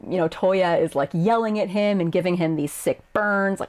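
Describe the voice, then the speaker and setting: Chatty woman translator, lowish voice. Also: moderate pace, a little mellow. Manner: chatty, laughs often, acts out quoted lines. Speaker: Japanese game translator. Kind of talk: casual explanatory video lesson.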